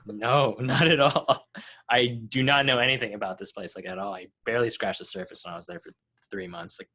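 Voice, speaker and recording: A young man hosts a relaxed podcast in a mid-range voice. He talks in an easygoing, friendly way and laughs easily, with quick supportive replies to his guest. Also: mid-range voice. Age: 20s. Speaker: podcast host. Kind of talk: casual podcast chat.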